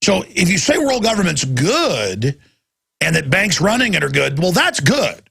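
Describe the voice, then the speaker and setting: A man's voice: sits high, big pitch swings, unhurried, creaky, sharp tone, husky. A man hosting a talk radio show, delivering an impassioned, ranting monologue into a studio microphone, often repeating words.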